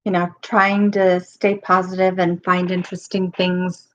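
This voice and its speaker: Middle-aged woman hosting a casual live stream, hoarse from losing her voice, halting delivery, dull lo-fi sound. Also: fairly low pitch, level tone. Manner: halting, with many pauses and ums.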